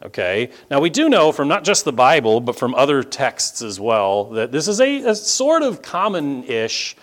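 A man's voice: mid-range voice, big pitch swings, moderate pace, a bit bright. A male pastor preaches in an easy, conversational way and often breaks off into asides. His voice sits in a middle register but swings about a lot as he stresses points. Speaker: pastor and teacher. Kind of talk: sermon.

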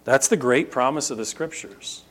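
A middle-aged male pastor preaching a sermon. He teaches the congregation emphatically and repeats words for stress. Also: moderate pace. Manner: emphatic, rises to sharp high bursts and repeats "no, no, no"; teaching, explains Greek grammar to the congregation.

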